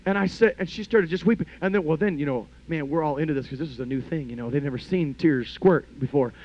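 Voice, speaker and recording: A man preaching a sermon as a story, talking conversationally with lots of "you know", and swinging between hushed and loud passages. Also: a little high, quick pace. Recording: dull lo-fi podcast audio.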